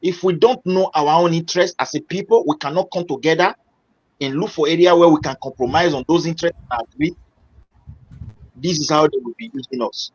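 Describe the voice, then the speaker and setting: Earnest Nigerian male caller, husky tone, muffled dry phone-in sound. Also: fairly high pitch, lively intonation, fairly quick, darkish tone. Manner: earnest, repeats himself, pushes on when cut off. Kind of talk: call-in political discussion.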